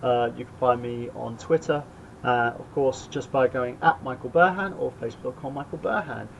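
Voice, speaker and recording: A man's voice: mid-range voice, moderate pace, vocal fry. A man hosting a podcast, rambling through show plugs with lots of fillers. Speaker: podcast host. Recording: dull lo-fi audio with faint noise.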